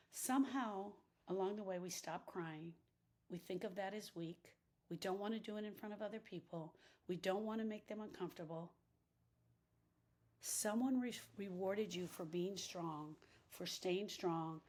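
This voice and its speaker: Husky woman, impassioned grief talk. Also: medium pitch, a little mellow. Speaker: grief coach and podcast host.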